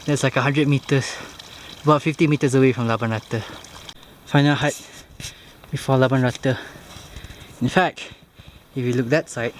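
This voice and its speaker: A man's voice: medium pitch, fairly even intonation, moderate pace, slight background noise. A man narrating his own mountain hike on a handheld camera, out of breath and talking in a matter-of-fact way as he climbs outdoors. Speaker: vlogger. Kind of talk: hiking vlog narration.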